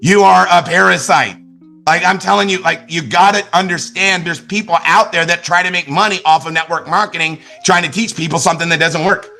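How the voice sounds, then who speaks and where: Energetic man coaching with bright, high voice. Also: a little fast, hardly any pauses, faint music behind. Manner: energetic, repetitive, many restarts and "right?". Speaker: network marketing trainer. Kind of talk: motivational business talk.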